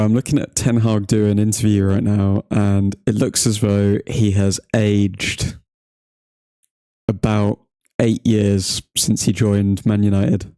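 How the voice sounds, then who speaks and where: Young man from England, stream host, low and mellow, jokey and chatty, dry booth sound. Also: smooth, dry recording. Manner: joking, laughs often, chats to chat viewers. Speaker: watchalong livestream host. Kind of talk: casual live chat to viewers.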